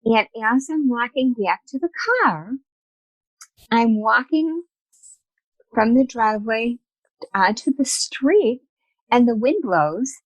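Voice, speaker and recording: A woman guest on a podcast interview, telling personal stories in a lively, chatty way and acting out the dialogue. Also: a little high, slow pace, pauses often, dry recording, rough recording. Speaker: guest, spiritual medium. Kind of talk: casual storytelling in an interview.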